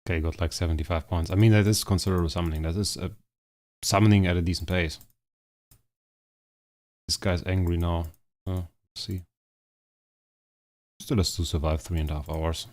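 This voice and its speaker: A hoarse man streaming a game live, commentating and fretting over a rival player while talking to his chat. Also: low-pitched, steady tone, normal speed, pauses often, darkish tone. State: hoarse, strained voice.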